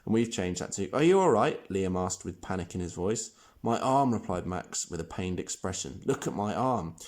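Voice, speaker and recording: Deep-voiced male teacher explaining slowly. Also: a little mellow. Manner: clear step-by-step explaining. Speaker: primary school teacher. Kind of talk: recorded online lesson.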